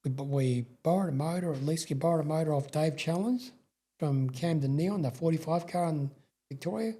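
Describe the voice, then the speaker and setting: Middle-aged Australian man, husky and mellow, loose rambling storyteller who swears and restarts sentences. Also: on the high side, fairly quick. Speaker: guest, sprintcar racing veteran. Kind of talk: casual storytelling interview.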